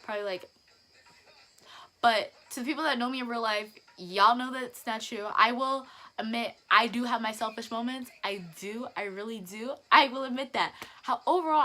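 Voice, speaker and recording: A teenage girl talks straight into her phone camera for a casual storytime vlog. She's animated and chatty and stumbles through restarts and giggles. Her voice is bright and sits a bit high. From northern Virginia, US. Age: teens. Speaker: vlogger.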